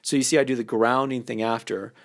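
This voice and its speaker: A man in the middle of his range talks through dating advice on his podcast, loose and chatty with plenty of fillers. He keeps jumping into lively, playful voices to act out sample lines. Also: medium pitch, a little fast. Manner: animated, acts out example lines in a playful voice; casual, loose phrasing with many fillers. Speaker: dating coach podcast host. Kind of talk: instructional podcast talk.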